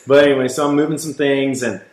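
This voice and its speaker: A man's voice: medium pitch, steady tone, quick pace. A man who works as a hunting guide, telling stories bluntly in casual podcast talk, swearing freely and acting out the dialogue. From Washington State, USA. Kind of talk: casual storytelling. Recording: roomy echo.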